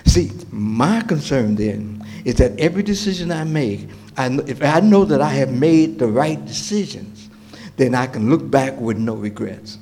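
A male pastor preaching a sermon, emphatic and animated, asking the congregation questions. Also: mid-range voice, normal speed, a little hiss or hum.

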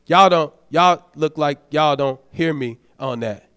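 A man's voice: a little high, unhurried, a bit bright, smooth, dry recording, clean studio sound. A man, a deacon, preaching a sermon, urging the congregation in a conversational, folksy way and prodding them for amens. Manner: exhorting, prods the congregation for amens.

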